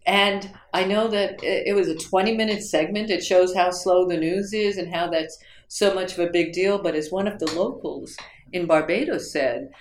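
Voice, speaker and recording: A woman's voice: on the low side, moderate pace. A woman from the United States, interviewed about her teaching, rambling along with fillers and restarts. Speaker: interviewee, writing instructor. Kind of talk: reflective interview storytelling. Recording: roomy echo.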